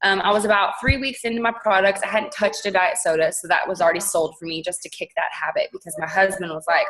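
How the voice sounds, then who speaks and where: A young woman, chatting casually as a guest on a call and telling her story in an animated way. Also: fairly low pitch, fast, poor audio. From Texas. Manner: chatty, animated, laughs often.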